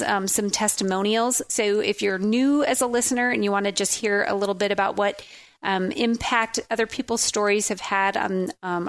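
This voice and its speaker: A woman's voice: medium pitch, a bit bright. Chatty, playful radio co-host woman. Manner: chatty and playful, with many fillers. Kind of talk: casual talk radio.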